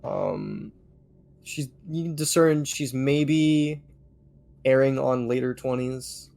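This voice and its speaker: A man acting as game master, narrating a tabletop game in a hesitant way with many pauses and fillers. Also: medium pitch, gravelly, a little mellow. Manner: hesitant, lots of ums.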